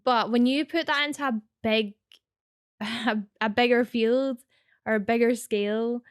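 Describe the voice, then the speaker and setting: Chatty Scottish woman, smooth and dry. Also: fairly high pitch, fairly even intonation, no echo. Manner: rapid, chatty, full of "like" fillers. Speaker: guest, streamer. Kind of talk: casual interview chat.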